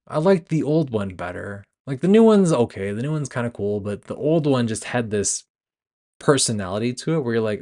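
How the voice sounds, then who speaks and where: A man's voice: medium pitch, expressive, a little fast, dark tone. A young man hosting a casual film review podcast, retelling scenes with laughs, restarts and self-corrections. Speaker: podcast host. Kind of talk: casual movie review chat.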